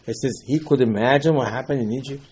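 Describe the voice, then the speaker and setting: On a low-quality recording, a rabbi teaches about the Passover Seder through lively storytelling, acted-out dialogue and repetition of his points. He speaks quickly in a mid-range, husky voice.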